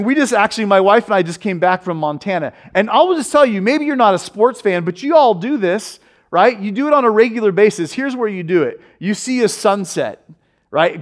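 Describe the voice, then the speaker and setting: A man preaching a conversational sermon, telling stories with humor and asides and often asking listeners "right?". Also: high-pitched. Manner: chatty storytelling with humor and asides. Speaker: pastor.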